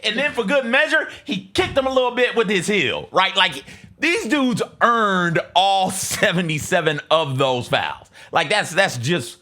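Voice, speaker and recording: A man co-hosting a sports talk show, animated and joking, acting out players as he tells it. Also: high-pitched, a little slow. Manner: animated, acts out players in voices.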